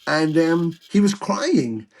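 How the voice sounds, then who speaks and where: A British man in his older years, a guest musician telling stories in a casual interview, animated and swearing freely. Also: fairly high pitch, slow pace. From United Kingdom.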